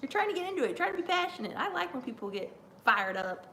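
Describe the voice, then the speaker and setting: A woman streamer chatting live during a wrestling watch-along, rambling and excitable with lots of fillers. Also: high-pitched, fast talker, a little hiss or hum. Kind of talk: live reaction chat.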